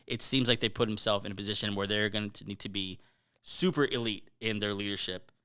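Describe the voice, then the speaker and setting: Bright-voiced male sports podcast host. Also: on the low side, steady tone, brisk, clear, resonant tone. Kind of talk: casual sports chat.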